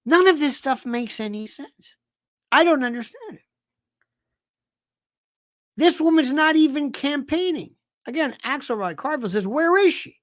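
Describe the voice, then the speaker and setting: A man hosting a political commentary show, delivering an animated monologue full of rhetorical questions and exasperated repetition. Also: extremely high pitch, unhurried, pauses often, no room sound, studio quality. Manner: exasperated, fires off rhetorical questions, repeats himself.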